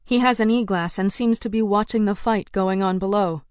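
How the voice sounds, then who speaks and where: A woman's voice: mid-range voice, steady tone, normal speed, a little mellow, clear, resonant tone, no room sound. Woman, audiobook narrator, first-person story, tense dramatic reading, dry close sound.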